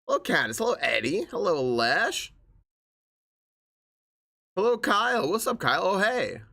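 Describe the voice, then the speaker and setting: A man's voice: high voice, big pitch swings, a little slow, gravelly, bright, forceful tone. A young man live-streaming a game, chatting in an upbeat way and greeting his viewers one after another.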